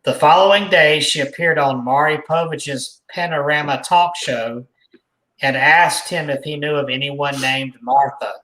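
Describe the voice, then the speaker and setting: A man's voice: a little high, measured pace, sharp tone. A man hosting a podcast, reading a news article aloud in a conversational way with his own asides. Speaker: podcast host. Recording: echoey room.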